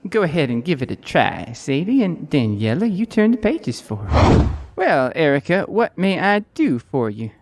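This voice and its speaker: A man's voice: on the high side, sing-song, normal speed, darkish tone. A man playing a smarmy pastor with a showy, coaxing teacher tone.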